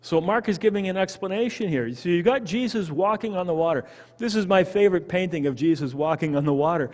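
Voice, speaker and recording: A man with a Canadian accent leading a church Bible study, talking in an animated, conversational way and putting questions to the group. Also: high voice, quick pace, big-room sound. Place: church hall.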